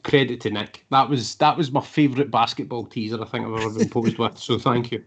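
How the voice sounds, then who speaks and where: A man's voice: mid-range voice, fairly even intonation, brisk, a bit bright, slight background noise. Dry, hesitant man. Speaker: podcast co-host. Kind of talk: casual chat.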